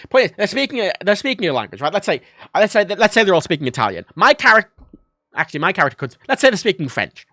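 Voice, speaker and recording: A man's voice: on the high side, sharp tone, no room sound, studio quality. A man chatting casually on a livestream about a game. He rambles, corrects himself often and swears freely.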